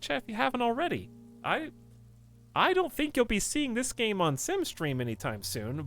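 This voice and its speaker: A man's voice: sits high, fairly bright tone. A man streaming a game, rambling casually and talking straight to his chat. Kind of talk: casual livestream chat while playing a game.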